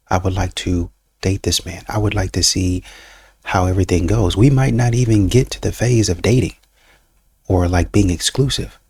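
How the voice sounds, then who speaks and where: A man's voice: sits low, creaky, darkish tone, breathy edge, no echo, studio quality. A man hosting a reaction show, arguing back at a clip with pointed questions. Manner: argumentative, questioning, mocks the other side. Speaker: reaction channel host. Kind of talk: commentary reacting to clips.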